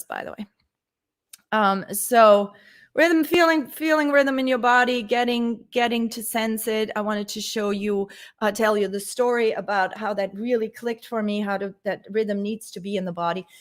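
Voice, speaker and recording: A woman teaching bass in a live-streamed lesson, talking informally and laughing easily as she answers viewers.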